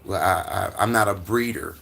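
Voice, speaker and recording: A man's voice: sits low, moderate pace, gravelly, fairly bright tone, slight background noise. A middle-aged man from the United States hosting a casual livestream from home, answering chat in a rambling way with stammers, restarts and chuckles. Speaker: livestream host reading chat. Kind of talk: casual live-stream chat. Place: at home with his dog.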